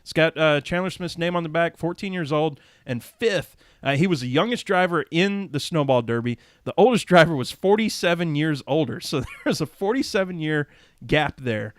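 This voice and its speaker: A man's voice: a little high, animated, normal speed, no echo. A man who hosts a podcast, telling a rambling, folksy story and laughing often. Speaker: podcast host.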